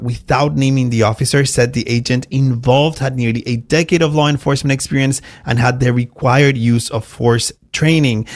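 Male radio news correspondent, steady and informative. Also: medium pitch.

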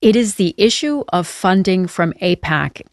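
A woman political correspondent giving measured, explanatory news analysis with occasional fillers. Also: on the low side, lively intonation, no room sound, studio quality.

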